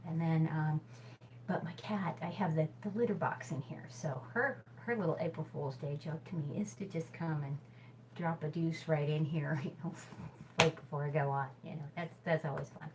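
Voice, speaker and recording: A hoop fitness instructor casually teaches hula hoop exercises on camera in a small temporary office space by a back door, chatty, giggly and self-deprecating with lots of fillers. Her low-pitched voice is fairly even in intonation and moderately paced. The camera mic moves around while she hoops, giving poor audio with a little hiss or hum.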